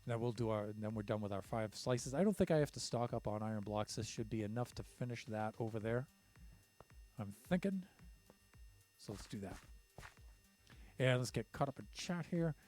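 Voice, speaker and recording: A man's voice: medium pitch, animated, moderate pace, pauses often, darkish tone, soft background music. A man streaming a building game, counting blocks aloud and talking to himself as he works. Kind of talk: casual commentary while building in a game.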